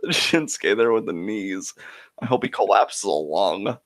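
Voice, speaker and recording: A man's voice: lowish voice, expressive, a little slow. A man co-hosting a live wrestling reaction show in casual, crude, sarcastic chat, swearing freely.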